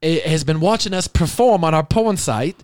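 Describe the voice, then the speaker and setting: A woman's voice: high voice, racing, no echo, studio quality, voice pushed up, natural voice. A man voicing a blunt adult woman in a clumsy put-on accent, earnest and raised.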